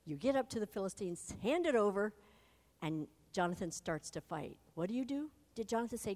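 Animated woman teaching in a hall. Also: medium pitch, brisk. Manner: animated, addresses listeners directly. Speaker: Bible teacher. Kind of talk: Bible storytelling to an adult audience. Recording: long hall reverb.

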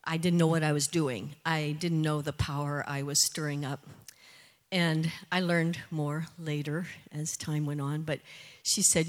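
A woman's voice: low-pitched, little pitch movement, a little slow. An older woman giving a missionary testimony and prayer in an earnest, conversational way, with frequent "you know" asides. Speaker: missionary speaker. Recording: long hall reverb.

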